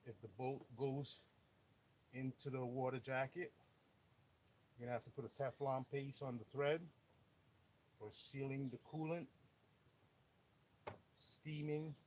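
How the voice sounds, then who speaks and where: A man's voice: mid-range voice, flat delivery, unhurried, pauses often, a little mellow, rough recording. A man streaming live as a mechanic, explaining engine work bluntly with joking asides. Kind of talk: live how-to stream, casual chat. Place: auto workshop.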